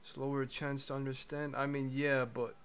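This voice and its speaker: A male streamer chatting offhand with an AI bot, mumbling and halting, with a teasing tone. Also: medium pitch, flat delivery, a bit bright, clear, resonant tone. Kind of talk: casual live-stream chat with an AI bot. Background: faint keyboard typing.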